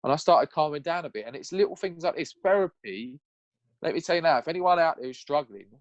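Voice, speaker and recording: A man's voice: a little high, animated, fast talker, dry recording, muffled recording. A young man telling his personal story as a podcast guest, raw and candid, swearing freely.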